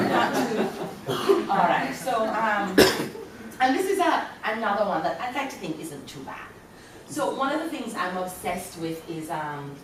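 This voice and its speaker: A woman from Jamaica with a Jamaican accent, reading her poetry to an audience in a lecture hall and chuckling between lines. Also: mid-range voice. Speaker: poet. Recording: very echoey hall, voice from far off, faint room noise.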